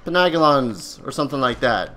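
Over soft background music, a let's player with a mid-range, sharp, expressive voice talks a little fast as he plays. He jokes around, exclaims, and yelps when startled.

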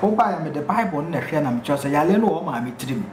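A man's voice: fairly high pitch, expressive, fast talker. A man with a Ghanaian accent, a TV host interviewing a guest and preaching to viewers in an insistent way. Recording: echoey room with background noise.

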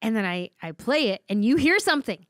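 A woman in her thirties, a comedian guest, telling a story with lively acted-out quotes. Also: on the high side, a little fast, no room sound, clean studio sound. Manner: acts out quotes with big voice swings. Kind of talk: animated storytelling.

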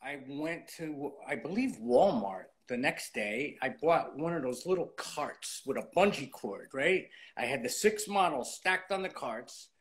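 A man's voice: mid-range voice, animated, unhurried, hardly any pauses. A man in his late fifties, a guest in an interview, telling his story in a casual way and acting out old conversations as he goes. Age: 50s.

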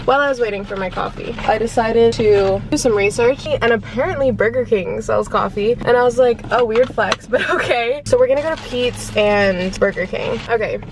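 A woman's voice: a little high, background noise. A woman in her twenties chatting in a casual vlog from her car, bubbly and giggly, with lots of "like". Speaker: vlogger.

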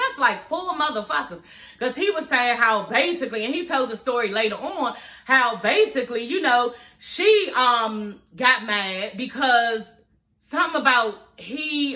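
A woman casually recapping a reality show in a profane, animated way, often saying "you know what I'm saying". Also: fairly high pitch. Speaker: TV recap vlogger.

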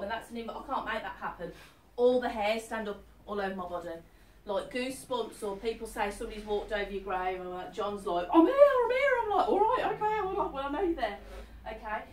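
A chatty woman in her fifties gives a live stage reading to an audience. She keeps checking in with her listener. Her voice carries from a distance in an echoey hall with a faint hiss behind it. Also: a little high. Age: 50s. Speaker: medium. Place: event hall.

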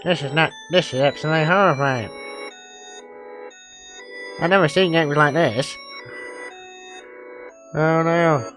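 A man's voice: fairly high pitch, unhurried, long pauses, fairly bright tone. A man doing an impression of a middle-aged cartoon dad, commentating a horror game in a hesitant way. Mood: nervous. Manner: hesitant, many uhs, yelps in panic. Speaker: gameplay commentator. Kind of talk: Let's Play commentary in an impression voice. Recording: music playing behind.

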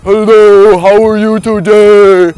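A man voicing a chatty, excited talking pinwheel that is blowing in the wind, loud, bouncy and polite. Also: high voice, slow pace, clear, resonant tone, poor audio. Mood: giddy.

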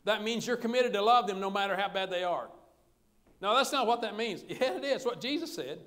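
A man's voice: high voice, lively intonation, fairly quick, a bit bright. A man pastor, preaching a sermon in a folksy, conversational way with humor.

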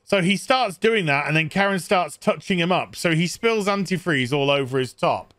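A man's voice: a little high, animated, moderate pace, fairly bright tone, dry recording. A man sarcastically recapping a bad movie for laughs, putting on silly voices for its characters. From England. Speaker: movie reviewer.

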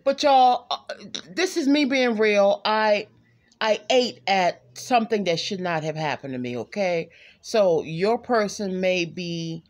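A woman's voice: lowish voice, darkish tone. A woman giving a candid, chatty tarot reading at home, often stopping to talk to her pet and laughing. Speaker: tarot card reader. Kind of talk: casual tarot reading livestream.

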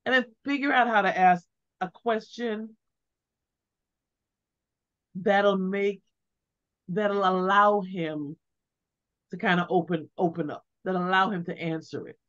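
A middle-aged woman, a guest on an interview, giving heartfelt advice in an animated way and acting out the questions she suggests. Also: mid-range voice, takes it slowly, pauses often. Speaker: interview guest, grieving mother. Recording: dull lo-fi sound.

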